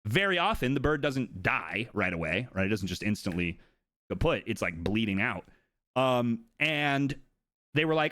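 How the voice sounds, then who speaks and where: Man, live streamer, casual storytelling, animated pitch, swears, dry close mic. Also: a little slow, long pauses, no echo. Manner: animated, swears freely, mimics others in a higher voice.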